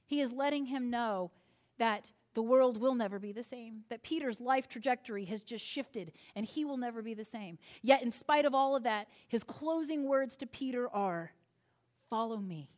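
Woman preacher, sermon, conversational asides, slightly high voice. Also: moderate pace, a little mellow.

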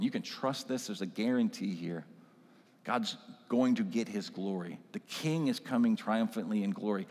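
A man's voice: fairly low pitch, normal speed, a little mellow. Conversational male pastor in a reverberant church. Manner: conversational preaching with frequent tag questions. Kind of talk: sermon. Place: church sanctuary. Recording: long reverb of a church hall.

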